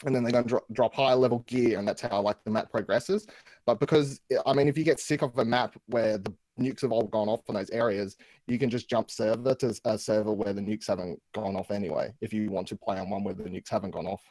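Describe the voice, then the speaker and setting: A man talking as a guest on a casual panel chat, rambling and thinking out loud as he goes. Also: lowish voice, steady tone, quick pace, rough recording.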